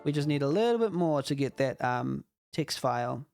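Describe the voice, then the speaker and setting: A man's voice: mid-range voice, animated, normal speed, gravelly, darkish tone. Man, game jam judge, casual let's-play commentary, reacts aloud to his guesses, faint music behind.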